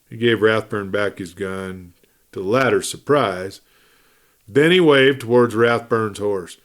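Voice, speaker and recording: A man hosting a storytelling show, reading a western novel aloud in steady, measured narration. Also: fairly low pitch. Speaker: storyteller host.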